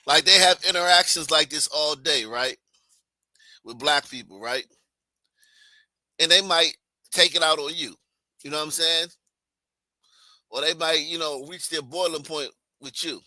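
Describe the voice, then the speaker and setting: Male streamer, ringing bright tone, close and dry, casual rambling commentary. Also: on the high side, dry recording. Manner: loose, repeats "man", restarts. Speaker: streamer reacting to clips.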